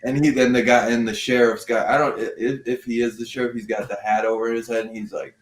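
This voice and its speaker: A man's voice: mid-range voice, little pitch movement, fairly quick, slight background noise. Man host, mid voice, roomy mic, playful scene-quoting. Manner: retells scenes in quoted voices. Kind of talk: casual podcast chat. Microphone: video call.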